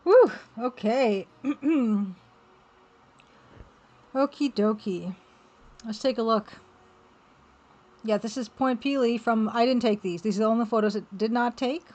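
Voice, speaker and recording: A woman chatting casually on a live art stream while working, reading viewer messages aloud and reacting with excited exclamations. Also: on the high side, measured pace, pauses often. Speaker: game developer streaming while drawing.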